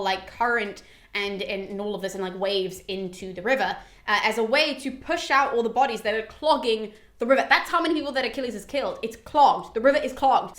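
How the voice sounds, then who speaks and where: A woman's voice: on the high side, fairly bright tone. Chatty, irreverent British woman in an echoey room. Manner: chatty, irreverent, swears casually. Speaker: podcast host. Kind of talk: casual mythology retelling.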